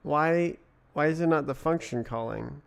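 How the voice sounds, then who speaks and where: A man's voice: fairly high pitch, moderate pace, vocal fry, clear, resonant tone. A young British man live-coding on stream, thinking aloud in a casual, puzzled way and answering his chat between mutters to himself. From Britain.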